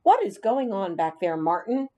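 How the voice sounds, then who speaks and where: A woman's voice: medium pitch, very animated, normal speed, warm tone. A woman voicing a firm, commanding school bus driver woman. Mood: stern.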